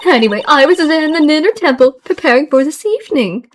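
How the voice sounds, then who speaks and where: A woman's voice: sits high, animated, fast talker, slight background noise, voice pushed up. Woman doing a vain, sing-song nun. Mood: preening.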